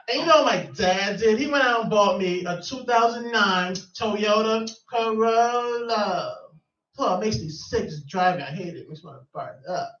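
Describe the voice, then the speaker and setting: A man doing stand-up in a loose, giggly way, his voice high and bright with a lively, bouncing pitch. He is heard from far off in an echoey room, the sound a little dull with faint noise behind him. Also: moderate pace. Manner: loose, laughing at his own jokes. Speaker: stand-up comic. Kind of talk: stand-up set.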